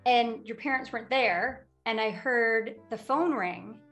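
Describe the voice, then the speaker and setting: High, bright woman spinning a lively anecdote. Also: unhurried, faint music behind. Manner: lively storyteller who acts out quotes. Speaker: book club co-host. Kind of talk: casual group chat.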